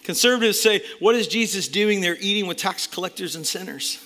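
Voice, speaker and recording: A male pastor delivers a fired-up sermon in a high-pitched, bright voice. He swings between loud, emphatic bursts and hushed, intense passages as he addresses his church. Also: a little fast.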